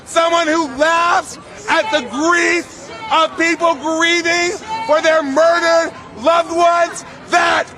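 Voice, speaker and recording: A protester man loudly and scornfully calling out a bystander at a street march. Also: extremely high pitch, little pitch movement, takes it slowly. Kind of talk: street confrontation. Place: outdoor city street march. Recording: live street feed amid crowd noise.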